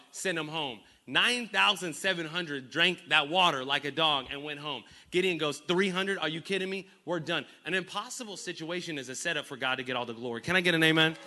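A man preaching a sermon with a bright, cutting voice pitched a little high. He drives call-and-response with the crowd, dropping low and quiet, then rising to shouts. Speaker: pastor.

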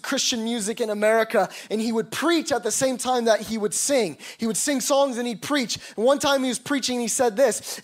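Guy preaching a sermon, pretty high voice, reads the verses then gets emphatic. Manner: reads scripture aloud, then preaches with emphatic, rising passages. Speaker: pastor.

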